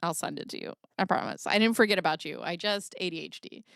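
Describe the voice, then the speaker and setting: A woman's voice: on the low side, quick pace, vocal fry, fairly bright tone, no echo, studio quality. A woman chatting casually on a livestream, reading viewer comments and joking sarcastically, with frequent laughter.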